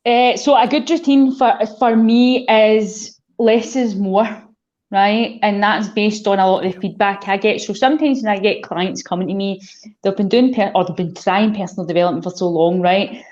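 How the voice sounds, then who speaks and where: A woman's voice: medium pitch, normal speed, darkish tone, lo-fi sound. A Scottish woman who coaches people on mental health, talking reflectively in a casual podcast chat.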